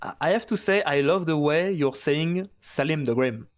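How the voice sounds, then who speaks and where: A native French speaker co-commentates a strategy game in English with a French accent. His voice sits a touch higher than usual for a man, and he sounds relaxed and tentative, hedging his calls. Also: moderate pace. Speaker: co-caster.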